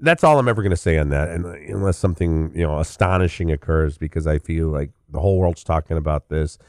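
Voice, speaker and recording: A man's voice: a bass voice, fast talker, dry recording, clean studio sound. A middle-aged man hosting a show of casual, opinionated entertainment commentary in a conversational way. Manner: conversational and opinionated, with frequent fillers and restarts.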